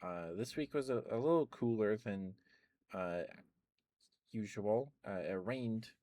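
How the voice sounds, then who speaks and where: Young man, soft ASMR chat, lowish voice, close dry mic, rambling with lots of laughs. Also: slow, dry recording. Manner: rambling, laughs often, repeats phrases. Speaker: ASMR streamer.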